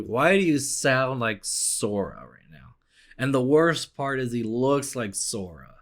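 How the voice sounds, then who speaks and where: A man's voice: medium pitch, very animated, takes it slowly, a bit bright. Playful man commenting on a game. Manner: playful, joking commentary with bursts of laughter. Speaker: let's play commentator. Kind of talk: playing a story game and reading it aloud.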